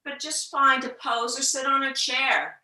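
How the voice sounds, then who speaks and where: A woman teaching a yoga class, talking slowly and gently, sometimes dropping to a whisper to show the breath. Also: high voice, fairly even intonation, distant mic. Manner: slow, gentle guiding with soft whispered breath demos. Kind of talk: guided yoga instruction. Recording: echoey room, voice from off-mic.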